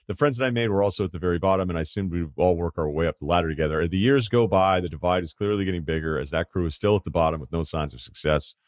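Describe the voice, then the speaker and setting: A very low-voiced man in his forties hosts a casual advice podcast, reading listener emails and dropping in wry asides. The recording is dry and close, with no room sound at all. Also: racing, hardly any pauses, no echo. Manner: wry and conversational, with asides and mock quotes. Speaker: podcast host.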